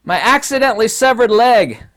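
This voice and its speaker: A man's voice: very high voice, animated, normal speed, fairly bright tone, voice pushed up. A man voicing a possessive man who insists his severed leg be sewn back on, with childish indignation. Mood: indignant.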